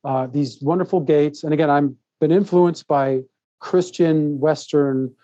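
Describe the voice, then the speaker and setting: A man who is an author and speaker appears as a podcast guest, telling a long personal story in a casual interview. He's rambling and animated but unhurried, often laughing between thoughts, with a voice a bit higher than most men's yet mellow and warm. The recording is dry, slightly muffled, and has no echo.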